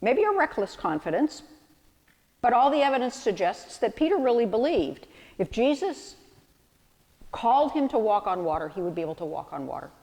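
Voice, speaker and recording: A woman's voice: a little high, sing-song, moderate pace, a little mellow, in a large hall. A woman pastor delivering a sermon, reflective and storytelling with vivid analogies.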